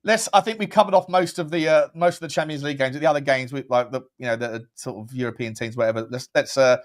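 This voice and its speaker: A man, co-hosting a casual football podcast, talking fast and animatedly with lots of fillers. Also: medium pitch. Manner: quick, animated, loose filler-heavy talk. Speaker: co-host.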